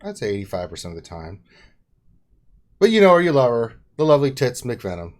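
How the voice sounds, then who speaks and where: A man's voice: mid-range voice, big pitch swings, brisk, darkish tone. A man hosting a casual gaming live stream, joking as he introduces the panel. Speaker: host. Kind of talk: casual livestream chat.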